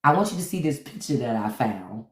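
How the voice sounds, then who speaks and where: Live-stream host, woman, sassy and mocking, pitch swinging widely, echoey room. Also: big pitch swings, fairly quick. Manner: sassy, mocking, talks straight to her viewers. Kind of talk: casual live-stream commentary.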